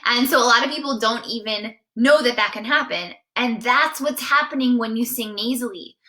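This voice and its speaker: A woman with a bright, ringing voice, pitched a little high, gives a live singing lesson. She talks in a chatty, encouraging way and keeps checking in with her viewers. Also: normal speed. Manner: demonstrates sighs and nasal sounds mid-explanation. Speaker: singing teacher.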